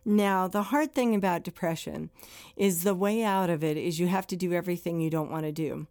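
A woman's voice: on the low side, fairly quick, a little mellow, no room sound, studio quality. A woman hosting a podcast for first responders, giving plainspoken advice in a conversational way and acting out quoted complaints.

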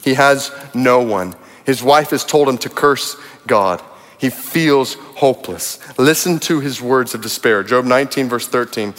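A man's voice: mid-range voice, measured pace, fairly bright tone, big-room sound. A man preaching a sermon as pastor, reading scripture aloud and building to urgent appeals. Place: large church auditorium.

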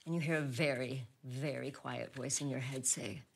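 A woman's voice: very deep voice, moderate pace, vocal fry, slight background noise. A woman playing a tabletop game, speaking in character and asking hesitant rules questions. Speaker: player.

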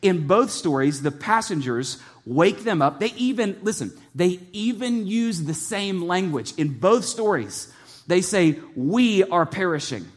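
Male pastor, somewhat high voice, lively sermon delivery with humor and shifting pace. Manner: animated, joking, shifts pace often.

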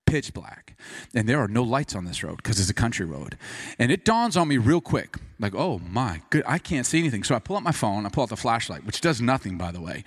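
A man preaching a sermon, telling a self-deprecating personal story with lots of energy and then turning quiet and earnest as he moves into scripture. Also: mid-range voice, sing-song, brisk, husky. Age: adult. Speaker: pastor.

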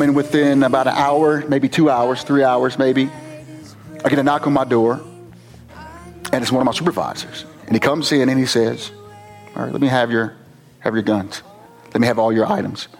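A man from Virginia, a former police officer, giving an earnest, emotional personal testimony with slow pauses. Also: medium pitch. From Virginia, USA.

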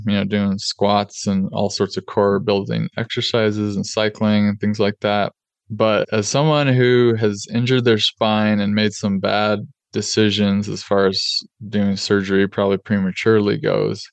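A man hosting a podcast, telling a personal story candidly in a relaxed, conversational way with plenty of fillers. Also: lowish voice, vocal fry, no echo. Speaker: podcast host and oral surgeon.

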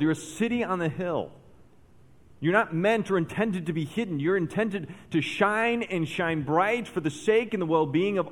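A man preaching a sermon as pastor, telling a story with lively emphasis and then dropping to soft, intense points. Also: high-pitched. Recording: long reverb of a large hall.

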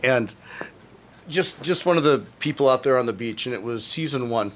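A man's voice: medium pitch, expressive, moderate pace. A man in his forties co-hosting a podcast, telling stories animatedly and often laughing, repeating and stumbling over his words as he goes. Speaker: podcast co-host. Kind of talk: casual chat, storytelling.

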